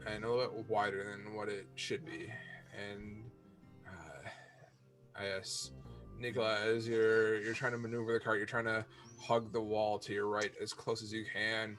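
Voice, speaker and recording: A man narrating a tabletop game as game master, halting with many fillers and restarts. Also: lowish voice, level tone, fairly bright tone, faint music behind.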